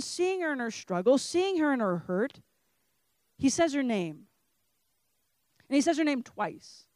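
A woman's voice: medium pitch, darkish tone, dry recording. Woman speaker, passionate faith talk, repeating phrases for rhythm, dry close mic. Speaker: conference speaker.

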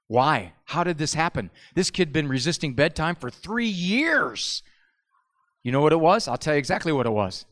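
Animated male speaker in a reverberant hall. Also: fairly high pitch. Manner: animated storyteller, acts out family voices. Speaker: speaker at a parenting talk. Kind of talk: humorous live talk.

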